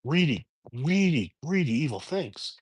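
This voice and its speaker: A man's voice: a little high, big pitch swings, measured pace, husky. A man hosting his own review channel, casually retelling a film's plot off the top of his head with frequent restarts and fillers. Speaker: movie reviewer. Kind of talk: casual spoken film review.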